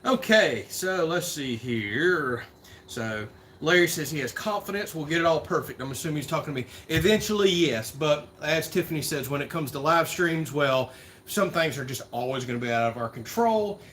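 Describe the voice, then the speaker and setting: A man hosting a casual livestream Q&A, chatty and rambling and quick to laugh, recorded on a phone camera. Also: a little high, expressive, a bit bright, a little hiss or hum. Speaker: livestream host.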